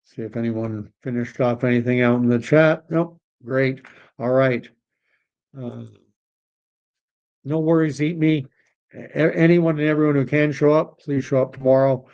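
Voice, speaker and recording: A man's voice: medium pitch, fairly even intonation, a little slow. Give me a chatty Canadian man hosting a casual livestream, recorded with muffled, lo-fi sound. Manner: rambling, chatty, reacts to chat messages. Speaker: political livestream host. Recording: dull lo-fi stream audio.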